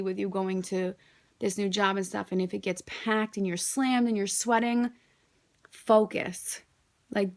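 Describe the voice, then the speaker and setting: A young woman talking casually to her camera, candid and rambling, peppering her speech with "like" and frequent swearing. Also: mid-range voice. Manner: candid, rambling, swears freely, says "like" often. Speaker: vlogger.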